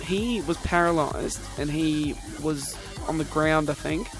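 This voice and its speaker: A man's voice: on the high side, a little slow, music in the background. A young man hosting a casual comedy podcast, joking and rambling, often tripping over and repeating his words. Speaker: podcast host.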